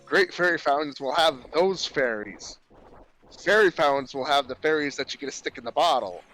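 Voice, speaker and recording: A man's voice: fairly high pitch, expressive, normal speed, a bit bright, soft background music. A man chatting during a game with friends, easygoing and rambling, often repeating himself mid-sentence. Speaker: friend playing along on stream. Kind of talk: casual gaming banter.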